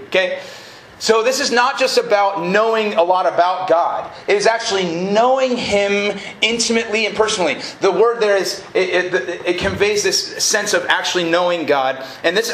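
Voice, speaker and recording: A man's voice: on the high side, a bit bright. A man preaching a live sermon as a college ministry director, conversational and joking, often checking in with his listeners. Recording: roomy live room recording with faint noise.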